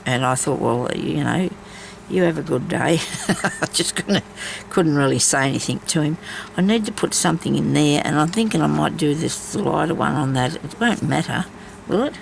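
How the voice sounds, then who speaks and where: Gravelly, rambling woman crafter. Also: low voice, lively intonation, normal speed, slight background noise, rough recording. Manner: rambling, chatty storytelling with many asides. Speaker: craft vlogger. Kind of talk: casual chat while embroidering.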